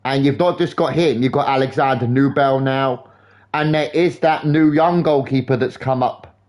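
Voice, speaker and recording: A young man streaming a game live, rambling in sweary, animated football banter. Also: mid-range voice, normal speed. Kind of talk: casual chat while gaming live.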